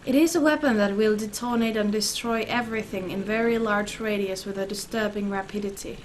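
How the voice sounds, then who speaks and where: A woman hosting a gaming channel, reading a visual novel's story text aloud with expressive, emotional delivery. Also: medium pitch, a little fast, slight background noise. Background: game music.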